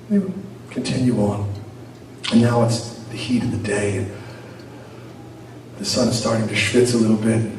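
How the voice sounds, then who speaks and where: A rabbi telling a teaching story in an animated way, with a few Yiddish words mixed in. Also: male voice, medium pitch. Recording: very echoey room, distant mic, noisy.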